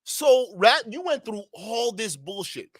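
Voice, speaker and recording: A man's voice: high-pitched, animated, a little slow, dry recording. Guy cracking up at a clip, talks in aave, voice jumps all over, dry sound. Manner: laughing, mocking, loud outbursts. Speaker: reaction streamer. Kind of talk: mocking reaction commentary.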